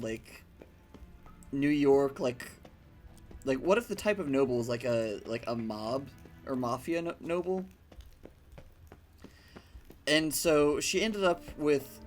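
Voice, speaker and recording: A man chatting casually while playing a video game, rambling through a story with lots of fillers and the odd swear. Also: on the high side. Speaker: gaming streamer. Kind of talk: casual let's-play commentary.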